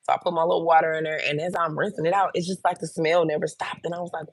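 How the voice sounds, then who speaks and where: A woman's voice: low-pitched, steady tone, fast talker, few pauses, no room sound. A woman hosting a livestream, talking frankly and bluntly to her viewers as she gives advice and tells her own stories. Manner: frank, blunt, chatty, addresses viewers directly. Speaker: host. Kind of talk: candid livestream advice and storytelling.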